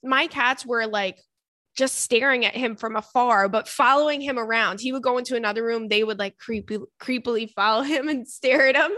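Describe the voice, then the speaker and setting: A woman's voice: on the high side, normal speed, bright, forceful tone, no echo, clean studio sound. A young adult woman hosting a podcast, chatting casually and animatedly, with casual swearing. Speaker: podcast host. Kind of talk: casual chat.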